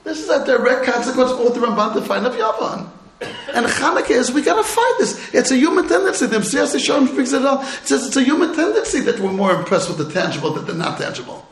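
Animated man telling stories, echoey room. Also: extremely high pitch, fast. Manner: animated, humorous storyteller with rhetorical questions. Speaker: rabbi teaching a class. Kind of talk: storytelling Torah talk.

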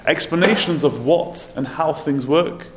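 A man's voice: fairly high pitch, unhurried, background noise. Man telling a Torah lesson story. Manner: earnest storytelling with restarts. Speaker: Torah teacher. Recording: roomy echo, faint ambience.

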